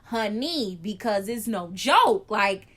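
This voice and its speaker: A young woman telling a personal story in a casual vlog, chatty and animated, acting out scenes with gasps. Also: medium pitch, takes it slowly. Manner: chatty, frequent "like" fillers. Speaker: vlogger.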